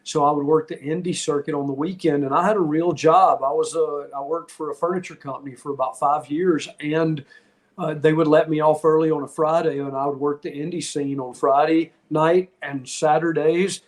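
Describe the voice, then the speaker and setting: A man's voice: a little high, steady tone, normal speed. A middle-aged man, a podcast guest telling stories in a candid, rambling, heartfelt way with frequent restarts. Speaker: podcast guest, retired wrestler. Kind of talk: casual interview storytelling.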